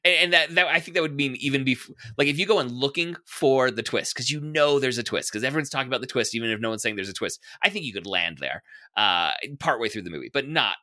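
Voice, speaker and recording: A man's voice: mid-range voice, lively intonation, quick pace, pushed and bright, dry recording. A man hosting a podcast in casual chat, rambling with fillers and restarts. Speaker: podcast host.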